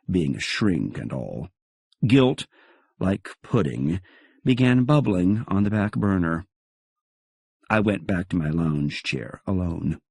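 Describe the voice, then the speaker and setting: Husky guy reading an audiobook, wry and chatty, low voice, dry sound. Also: a little mellow, no room sound. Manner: wry, conversational storytelling. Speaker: audiobook narrator. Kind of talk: first-person audiobook narration.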